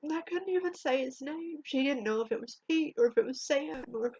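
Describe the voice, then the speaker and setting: A woman telling a painful personal story in a halting, emotional way, her voice trembling near tears, in a dull lo-fi home recording. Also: sits high, lively intonation, darkish tone. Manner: halting, emotional, with restarts and long pauses. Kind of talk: personal spoken testimony.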